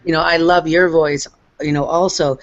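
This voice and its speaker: A woman's voice: low voice, fairly even intonation, normal speed. A woman from Canada, rambling and swearing in an effusive way during a casual voice chat. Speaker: chat participant. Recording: lo-fi online voice chat.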